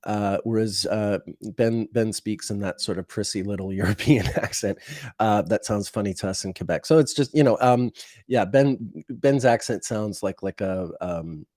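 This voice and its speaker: A man hosting a casual livestream who talks in a rambling, halting way, with many fillers and restarts and wry chuckles. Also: on the low side, a little mellow, no room sound, clean studio sound. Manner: chuckles through wry asides. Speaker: livestream host. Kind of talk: casual unscripted livestream talk.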